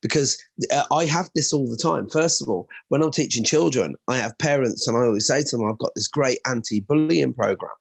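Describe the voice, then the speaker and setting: Husky, animated Irish man. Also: medium pitch, fairly quick, dry recording. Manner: animated storyteller, swears freely. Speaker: martial arts instructor and co-host. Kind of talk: casual podcast chat.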